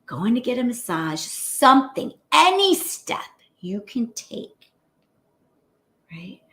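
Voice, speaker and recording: Woman, middle-aged, unhurried delivery, lowish voice, emphatic motivational talk. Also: gravelly, roomy sound. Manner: earnest, emphatic, conversational. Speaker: physician coach.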